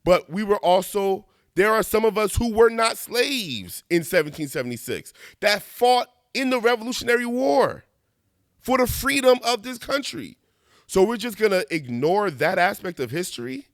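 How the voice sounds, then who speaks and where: Man, conversational monologue host, lively pitch, dry booth-like sound. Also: no echo. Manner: animated, conversational, laughs at himself, slangy asides. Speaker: video essayist. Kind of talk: casual monologue.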